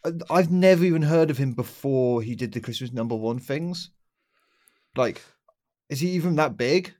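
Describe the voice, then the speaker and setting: A man's voice: mid-range voice, expressive, moderate pace, warm tone. A man co-hosting a podcast in casual chat, teasing and laughing, with some swearing. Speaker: podcast co-host.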